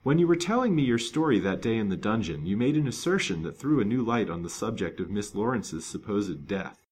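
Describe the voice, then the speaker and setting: Determined male detective, grave manner, storybook figure, voiced by a man, low pitch. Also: very animated, fairly quick, a little mellow, husky. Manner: grave, resolute. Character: determined, gallant male detective, kind but stern. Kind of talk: storybook reading.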